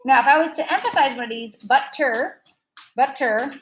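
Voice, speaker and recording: A woman's voice: sits high, expressive, racing, a bit bright, a little hiss or hum, low-quality recording. A woman teaching a recorded phonics lesson, patiently modeling sounds and asking the listener to repeat after her.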